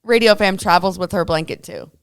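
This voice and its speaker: A young woman co-hosts a casual live stream, speaking in a smooth, resonant voice over a dry, close sound. She tells stories with animation and slips into the voices of the people she quotes. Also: fairly low pitch, brisk, dry recording. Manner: animated storyteller acting out quoted dialogue. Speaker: co-host. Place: hotel room.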